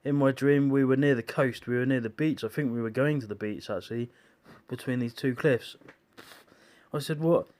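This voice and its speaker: A man speaks in a solemn, emotional tone as he gives a personal testimony. His delivery is halting, full of restarts and filler words, and his voice sits at an ordinary middle pitch. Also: fairly even intonation, a little mellow. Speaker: video maker sharing visions. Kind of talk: earnest personal testimony monologue.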